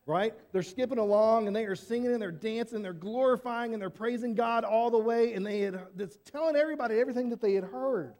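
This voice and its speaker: A man telling a Bible story to children in church, casual and animated, often asking questions. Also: very high voice, fast talker, few pauses.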